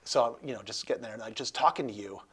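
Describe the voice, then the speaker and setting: Husky, rambling male talk host. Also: lowish voice, fast talker, a bit bright. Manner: rambling, jokey, many restarts. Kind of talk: casual interview chat.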